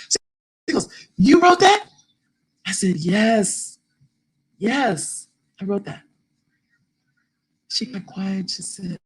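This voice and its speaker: Older lady, husky voice, telling an audience a story about her grandkids, gets really animated. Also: mid-range voice, rough recording. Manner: animated storyteller, voice rising with excitement. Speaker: guest speaker, children's book author.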